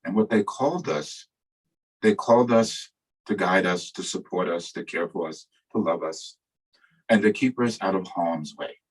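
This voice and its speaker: Husky older man giving a dharma talk. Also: sits low, moderate pace, rough recording. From New York. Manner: reflective, storytelling, gentle humor. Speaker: Buddhist teacher.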